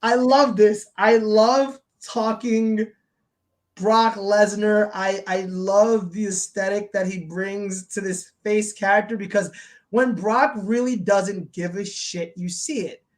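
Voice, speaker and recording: A woman's voice: medium pitch, steady tone, slow pace. A woman co-hosting a wrestling review show, chatting casually and acting out quotes as she retells scenes. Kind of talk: casual chat.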